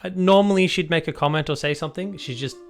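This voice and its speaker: A game master running a tabletop game and describing the scene in an animated, chatty way. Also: mid-range voice, fast talker, soft background music.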